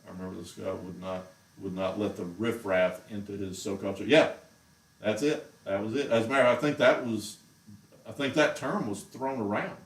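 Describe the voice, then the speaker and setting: A man's voice: on the low side, fairly even intonation, brisk, creaky. A man hosting a casual show from home, ranting in a heated, exasperated way. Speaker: show host. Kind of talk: casual rant on a livestream. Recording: roomy echo, mic far off.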